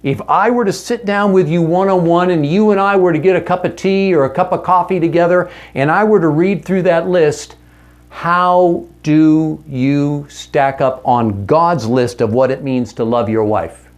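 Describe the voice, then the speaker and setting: A man's voice: on the high side, measured pace. A man teaching a marriage seminar to other men, talking in an earnest, direct and conversational way, often asking his listeners rhetorical questions and correcting himself mid-sentence. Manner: candid and conversational with self-corrections.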